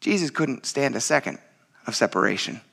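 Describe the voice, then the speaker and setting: Bright, earnest man preaching a sermon. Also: mid-range voice, animated, normal speed, vocal fry, breathy edge. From United States. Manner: earnest and conversational, often calling the congregation "you guys". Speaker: pastor.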